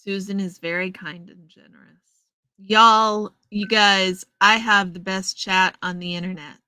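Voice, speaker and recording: A livestream host chats casually with her viewers from home, a green screen behind her, answering messages by name into a headset earpiece. Her medium-pitched voice is steady, unhurried, pushed, bright and smooth; there's no room sound, but the audio is poor.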